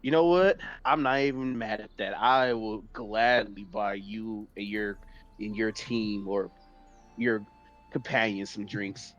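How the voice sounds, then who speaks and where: A man playing a tabletop game, excitable and quick to laugh loudly. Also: on the low side, highs cut off, soft background music. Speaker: player. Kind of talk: tabletop role-play.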